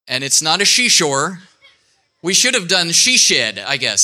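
A man's voice: a little high, very animated, a little slow, sharp tone. A man preaching outdoors to a congregation in a casual, joking way, with many fillers and restarts. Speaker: pastor. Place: outdoor church service.

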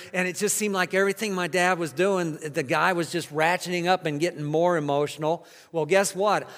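A man's voice: fairly high pitch, a bit bright, big-room sound. A middle-aged man preaching a sermon as a pastor, telling a personal story earnestly with frequent restarts. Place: church sanctuary.

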